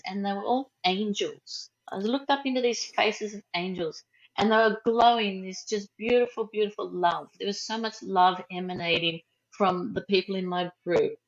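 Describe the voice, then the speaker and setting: A woman guest on a podcast telling a deeply personal story in a soft, slow, heartfelt way, often trailing off. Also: dull audio. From Australia.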